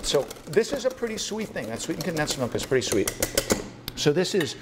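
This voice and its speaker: A man's voice: on the high side, big pitch swings, a little fast, very noisy. A man demonstrating a no-bake pie recipe as a guest cook on a TV morning show, joking and talking through each step with fillers. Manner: chatty, joking, talks through steps with fillers. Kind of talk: casual cooking demo. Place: TV studio kitchen.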